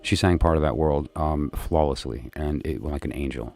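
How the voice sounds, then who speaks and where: A man's voice: very deep voice, normal speed, vocal fry, dark tone, no echo, faint music behind. A tired man hosting a livestream, telling a story to his viewers in a chatty, rambling way with lots of fillers and restarts.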